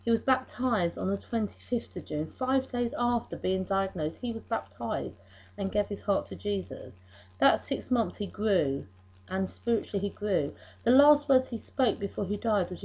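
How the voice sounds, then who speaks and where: Husky-voiced woman, halting and emotional. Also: mid-range voice, expressive, a little mellow, rough recording. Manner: emotional, halting, many restarts. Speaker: vlogger. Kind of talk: personal faith video diary.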